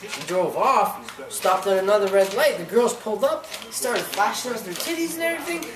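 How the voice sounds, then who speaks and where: On a comedy club stage before an audience, a stand-up comedian spins a long, profane story in rambling slang. His voice is high-pitched with big pitch swings and a slightly fast pace, picked up by a distant mic in a roomy club full of crowd noise.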